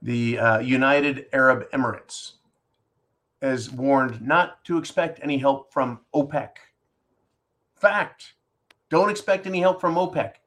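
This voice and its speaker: A man hosting a talk show, reading a listener's question and then ranting at length in a sarcastic, animated way, often calling his listeners "folks". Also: medium pitch, measured pace. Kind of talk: casual opinion talk show.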